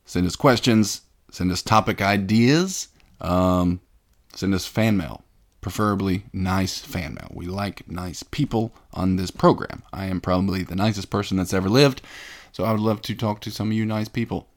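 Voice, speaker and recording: A man's voice: low-pitched, normal speed. A man hosting a comedic podcast, talking in a mock-pompous, self-important way. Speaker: host.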